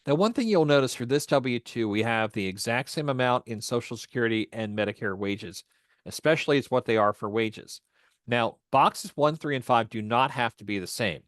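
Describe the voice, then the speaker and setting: A man teaching volunteer tax preparers, walking through a form step by step in a steady explanatory way with frequent fillers. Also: medium pitch, moderate pace, dry recording, clean studio sound. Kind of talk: instructional walkthrough.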